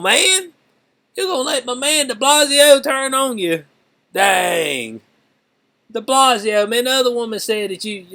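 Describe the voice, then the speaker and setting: Animated slangy male commentary vlogger. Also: sits high. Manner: animated, slangy, laughs often. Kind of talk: casual political commentary.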